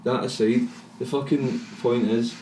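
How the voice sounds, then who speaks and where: A man's voice: mid-range voice, little pitch movement, a little slow, warm tone, slight background noise. A young Scottish man co-hosting a podcast, telling sweary, rambling stories that drift off on tangents. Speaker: podcast co-host. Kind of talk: casual chat. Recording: echoey room, distant mic.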